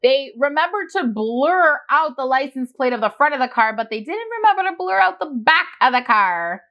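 A woman's voice: high-pitched, normal speed, highs cut off. A woman hosting a reaction video, chatting casually, teasing and laughing a lot. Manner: animated, teasing, laughs often.

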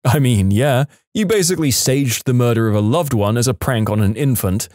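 A man reading submitted Reddit stories in an animated storytelling voice that swings widely in pitch. His voice sits at an ordinary middle pitch. The sound is close and dry, with no room around it. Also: fairly quick, no echo. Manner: lively storyteller, acts out quoted lines. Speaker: story narrator.

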